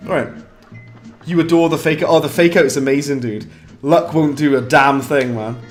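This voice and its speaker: A British man giving chatty live commentary while streaming a game, mocking himself and breaking into quick bursts of frustration. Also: on the high side, fairly even intonation, faint music behind.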